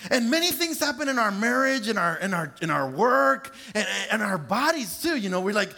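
Animated high-voiced preacher man. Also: moderate pace. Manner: animated and confessional, draws out words, shifts pitch sharply for emphasis; lively, joking asides to the congregation. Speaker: pastor. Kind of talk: sermon.

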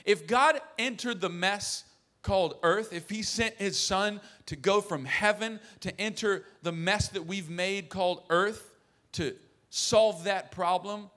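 A man in his thirties preaching a sermon as a pastor, earnest and warm with joking asides to the congregation. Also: sits high, unhurried.

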